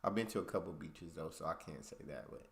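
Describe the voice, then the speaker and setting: An American man hosting a reaction channel, talking in a relaxed, slangy, conversational way. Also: very deep voice, fast, creaky. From United States. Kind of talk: casual reaction commentary.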